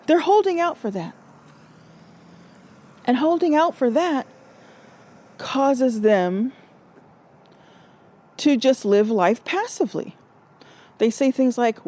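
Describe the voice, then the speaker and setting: A woman's voice: a little high, measured pace, pauses often, warm tone. A woman from Alaska giving an earnest spiritual monologue, often rephrasing herself and acting out the voices of people she quotes. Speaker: spiritual speaker. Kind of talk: reflective spoken monologue.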